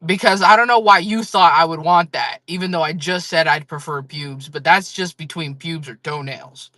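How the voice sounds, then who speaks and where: A woman's voice: low voice, normal speed, pushed and bright, dry recording. A woman chatting casually on a live-selling stream, joking, rambling and laughing often.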